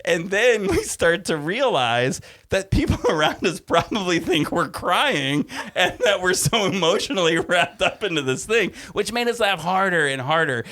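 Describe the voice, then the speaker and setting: A man's voice: high-pitched, big pitch swings, moderate pace, hardly any pauses, pushed and bright. A man co-hosting a podcast, telling a story in casual chat and laughing as he acts out the people in it. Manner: laughs through his story, acts out voices. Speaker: podcast co-host.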